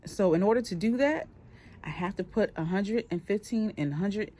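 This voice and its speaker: In a mid-range voice at normal speed, a woman in her forties vlogs casually in a Boston accent. She's open, blunt and lively on camera, and swears freely.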